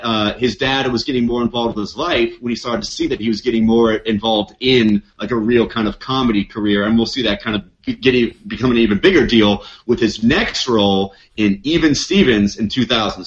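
A man co-hosting a podcast, leading the discussion and explaining the background in a casual way. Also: lowish voice. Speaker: podcast co-host. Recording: slightly dull lo-fi sound.

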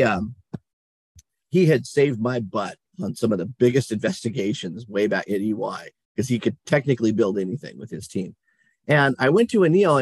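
This is a middle-aged man guesting on an interview, his voice slightly husky and recorded close and dry. He tells his stories with animation, laughing now and then and acting out quotes. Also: mid-range voice, dry recording. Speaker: guest, company CEO. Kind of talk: casual interview storytelling.

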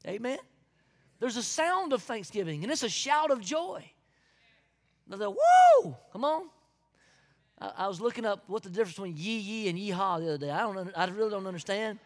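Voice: medium pitch, expressive, brisk, long reverb tail. A pastor with a Southern US accent preaching a sermon with folksy asides and sudden whoops of joy.

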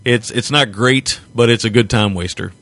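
A man's voice: medium pitch, normal speed, fairly bright tone, no echo. A man co-hosting a podcast, chatting loosely about a movie with frequent laughs and a joking, rambling manner. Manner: laughs often, jokey and rambling. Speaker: podcast co-host. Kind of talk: casual film review chat.

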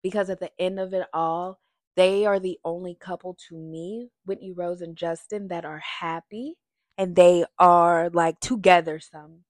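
A woman giving a casual, chatty review of a reality TV episode, getting loud and animated when she is worked up. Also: on the low side, a little slow, dry recording.

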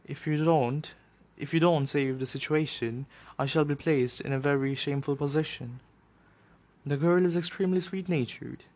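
A man reading a novel aloud, voicing a gentle middle-aged aunt who pleads earnestly. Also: a little high, normal speed, close to an everyday voice.

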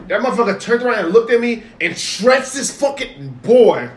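An animated young man, telling a story to friends with swearing and constant emphatic repetition. He sits back from the mic in an echoey room with faint noise behind him. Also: high-pitched, normal speed, recorded from a distance. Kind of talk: casual storytelling among friends.

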